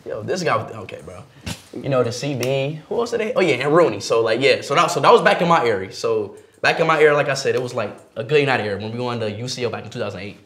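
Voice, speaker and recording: A young man joking through an interview, playful and exaggerated, swinging between loud outbursts and mumbled asides. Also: mid-range voice, expressive, quick pace, noisy background. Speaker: guest.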